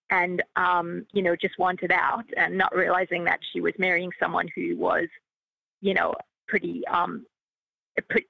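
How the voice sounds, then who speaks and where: Hesitant woman, gravelly. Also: lowish voice, dry recording, dull audio. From Australia. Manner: hesitant, many fillers and restarts. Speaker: filmmaker and actress guest. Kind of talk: interview answers.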